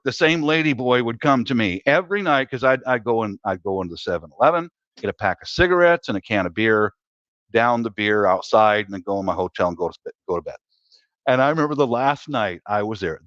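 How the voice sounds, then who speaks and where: Middle-aged male storyteller, chatty and quick to laugh, dull lo-fi dry audio. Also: mid-range voice, animated, a bit bright, no echo. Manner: laughs often at his own stories. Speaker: guest telling stories. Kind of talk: casual storytelling chat.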